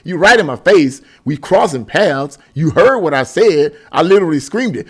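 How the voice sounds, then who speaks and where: Animated man ranting to camera. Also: on the high side, a little slow, creaky, husky. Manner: exasperated, repetitive, preachy; laughs mid-sentence. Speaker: political commentary vlogger. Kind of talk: casual opinion monologue.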